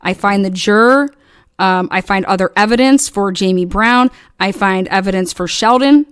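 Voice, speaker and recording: A woman's voice: mid-range voice, moderate pace, fairly bright tone, smooth, dry recording. A woman hosting her own channel, delivering a heated, profane, combative rant at her critics. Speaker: channel host. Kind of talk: angry livestream rant.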